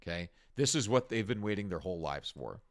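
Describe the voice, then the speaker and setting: A man's voice: deep voice, animated, fairly quick. A man hosting a ranting commentary on video clips, exasperated and mocking, with frequent swearing. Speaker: commentary host.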